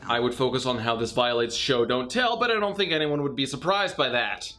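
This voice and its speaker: A man's voice: mid-range voice, a little fast, bright, forceful tone, faint music behind. A man narrating a scripted comedic movie review with sarcastic, mocking asides.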